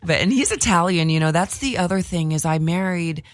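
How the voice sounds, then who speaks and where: Talk show guest: woman, LA accent, deep-pitched, dry close sound, chatty storyteller. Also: lively intonation, fairly quick, dry recording. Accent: Los Angeles. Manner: chatty, acts out quoted voices. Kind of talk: casual chat.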